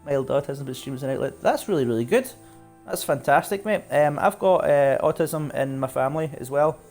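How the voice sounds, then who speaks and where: A man from Glasgow with a Scottish accent, chatting casually and warmly with viewers while he plays a game live. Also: on the high side, moderate pace, faint music behind. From Scotland, Glasgow. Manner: chatty, friendly, asks viewers questions, laughs often. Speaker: streamer.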